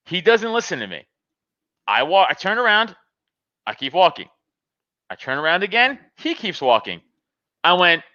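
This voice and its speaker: Lively high-voiced man telling a wild story. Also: unhurried, long pauses, dry recording, muffled recording. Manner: animated, laughs often, acts out both sides of the argument. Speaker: podcast host telling a story. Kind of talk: casual storytelling with frequent laughter and swearing.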